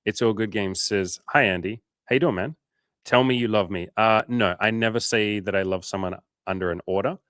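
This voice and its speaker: A low-voiced man hosts a casual coaching livestream, reading viewer comments aloud and answering with frank, swear-heavy advice. The sound is dry and close, with no room echo. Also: brisk, a bit bright. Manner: blunt, profane, frank advice. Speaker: dating coach hosting a livestream.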